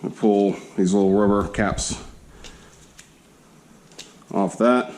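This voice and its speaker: A man's voice: on the low side, steady tone, darkish tone, a little hiss or hum. A man talking casually through a car suspension install as he works, a little out of breath, with the camera on his head in a garage. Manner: unhurried, talks himself through each step. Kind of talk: casual how-to narration while working. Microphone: head-mounted camera.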